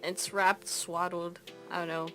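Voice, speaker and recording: Bright-voiced young woman, casual podcast chat. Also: fairly low pitch, measured pace, soft background music. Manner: animated, laughs often, acts out characters in loud mocking voices. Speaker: podcast co-host. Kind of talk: casual chat recapping anime.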